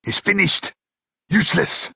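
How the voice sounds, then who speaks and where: A man's voice: mid-range voice, gravelly, pushed and bright, breathy edge, no echo, clean studio sound, pitched above the performer's own voice, heavily acted. A man voicing a massive, violent castaway who growls and snarls. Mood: furious. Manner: growling, hissing, quick to fury.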